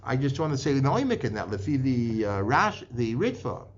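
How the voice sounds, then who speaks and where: A man's voice: medium pitch, sing-song, moderate pace. A man giving a Torah lecture in English full of Hebrew and Aramaic terms, often restarting and repeating words as he works through the sources. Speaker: Torah teacher. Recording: dull lo-fi podcast recording.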